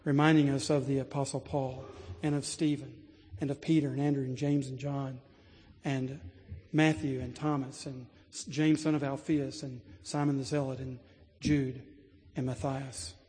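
Earnest preacher in a reverberant church. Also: male voice, medium pitch, moderate pace. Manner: storytelling, earnest, builds to animated emphasis. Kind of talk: sermon. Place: large church sanctuary.

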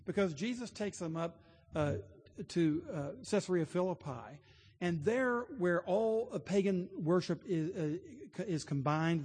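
A man's voice: a little high, darkish tone, slightly rough. A man preaching a sermon, telling stories earnestly and building to emphatic points. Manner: earnest storytelling, rising to emphatic. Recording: long hall reverb.

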